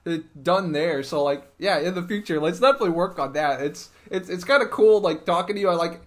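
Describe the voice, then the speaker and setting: An upbeat man hosts a casual interview in a fairly high voice. He talks with enthusiasm, leaning on "like" and "um" and often restarting his sentences. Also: fairly quick. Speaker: podcast host, interviewer.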